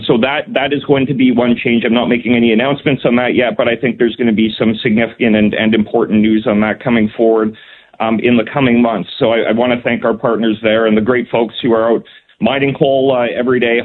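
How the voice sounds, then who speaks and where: A medium-pitched man, a provincial cabinet minister, answers a radio interviewer's questions over phone-line call-in audio. He is earnest and emphatic, with frequent "um"s and restarts.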